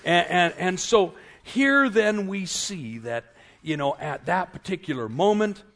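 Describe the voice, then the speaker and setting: A male preacher retelling a scripture story in an animated, dramatic way. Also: high voice, a little slow. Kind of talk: sermon storytelling.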